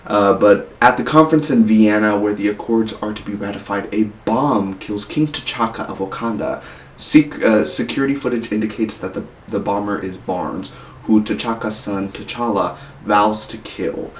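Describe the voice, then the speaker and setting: A man's voice: on the low side, moderate pace. A man reviewing a movie in casual talk, rambling with many fillers and restarts. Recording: roomy echo, mic far off, faint hiss.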